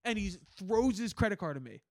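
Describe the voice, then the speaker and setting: A man's voice: sits high, a little fast, no echo, studio quality. A young man co-hosting a podcast, telling a rowdy bar story in a casual, profane way and acting out the people in it. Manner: animated, profane storytelling with acted-out quotes. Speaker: podcast co-host.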